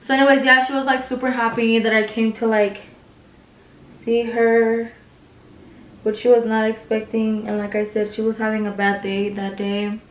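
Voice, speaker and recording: A woman's voice: fairly high pitch, flat delivery, normal speed. Chatty young woman, roomy and distant. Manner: chatty, swears freely, heavy use of "like". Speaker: beauty vlogger. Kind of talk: casual storytelling while doing makeup. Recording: roomy sound, mic at a distance.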